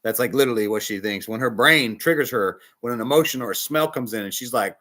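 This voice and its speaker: A man preaching a casual sermon as a bishop, emphatic, swinging between loud stresses and hushed asides. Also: medium pitch, quick pace, few pauses.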